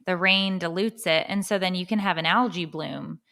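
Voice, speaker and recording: A woman's voice: on the low side, normal speed, pushed and bright. A woman podcast co-host in casual chat, matter-of-fact and reassuring.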